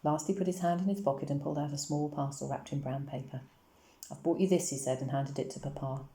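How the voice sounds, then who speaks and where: Low-voiced woman reading a story aloud. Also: fast talker, warm tone. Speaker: reader. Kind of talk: reading a children's novel aloud. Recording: echoey room.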